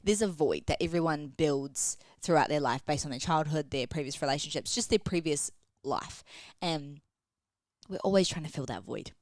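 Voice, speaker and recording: A young woman in her twenties talks straight to her listeners in a frank, casual solo podcast, swearing freely. Her voice sits a little low. The sound is close and dry. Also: lively intonation, moderate pace, darkish tone, no room sound. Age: 20s. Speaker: podcast host and women's coach. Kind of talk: candid solo podcast chat. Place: at home, sitting on the floor against a wall.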